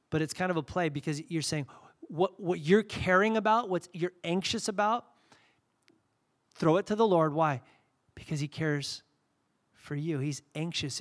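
A man in his forties preaching a sermon, conversational and personal, swinging between soft intimate passages and loud fervent peaks. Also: on the high side. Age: 40s. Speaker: pastor.

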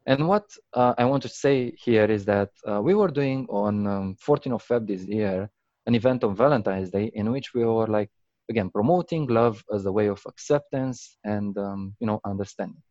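Animated low-voiced man telling stories. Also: normal speed, no room sound, dull audio. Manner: animated, acts out quotes with big pitch jumps, many fillers. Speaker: guest, game company founder. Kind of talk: casual interview storytelling.

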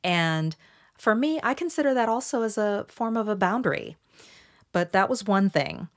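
A woman hosting a solo podcast, calmly walking listeners through a numbered list of points. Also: medium pitch. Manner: measured, explanatory, walks through numbered points. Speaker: podcast host.

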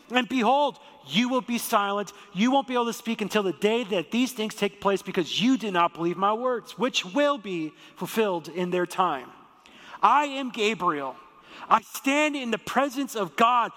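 A stern, indignant angel booms out in a high, forceful voice, as a preacher acts him out. The sound carries a long hall echo. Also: male voice, full character voice.

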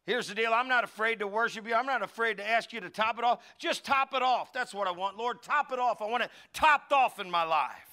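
A middle-aged male pastor delivering an animated sermon, his voice high and bright. He slips into character voices for the people in his stories and calls on the congregation to say lines back to him. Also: a little fast, hardly any pauses. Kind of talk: lively sermon with acted-out quotes.

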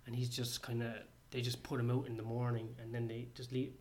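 A man's voice: mid-range voice, completely flat delivery, a little fast, a little mellow, a little hiss or hum. A man co-hosting a casual podcast with his wife, crude and jokey, swearing often. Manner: crude, swears a lot, joking. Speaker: podcast co-host. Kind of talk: casual chat. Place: university student housing.

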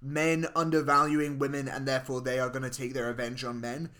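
A man's voice: medium pitch, little pitch movement, fairly quick, sharp tone. A man with a posh English accent co-hosting a casual film review podcast, sweary and sarcastic. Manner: sweary, emphatic, sarcastic asides. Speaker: podcast co-host.

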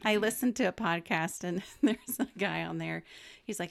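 A woman co-hosting a relaxed chat podcast, her voice pitched low with a gravelly fry running through it. She reads through her prepared notes in a chatty way, stopping to explain things and laugh along. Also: moderate pace. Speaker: podcast co-host. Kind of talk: casual chat, reading researched biography notes.

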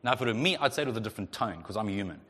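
A male pastor preaching a sermon in a lively way, acting out the voices of the people in his story. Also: lowish voice, rapid-fire. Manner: animated, acts out voices of God and the Israelites. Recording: long hall reverb.

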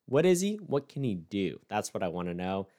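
A man's voice: on the low side, very animated, moderate pace, mellow. A man co-hosting a casual comedic review chat, ranting with mock sternness and punctuating his points with "all right?". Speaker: podcast co-host.

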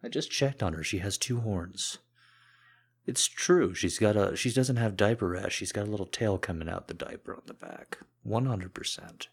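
A man in a whispered role-play, speaking softly and teasingly to the listener as a partner back from a trip. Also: on the low side, moderate pace, gravelly, husky. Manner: soft-spoken, teasing and affectionate.

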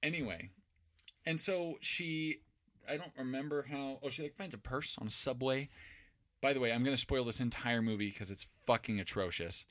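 A man's voice: medium pitch, moderate pace, fairly bright tone. A man co-hosting a casual podcast, recapping a movie plot in a rambling, profane way. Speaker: podcast co-host.

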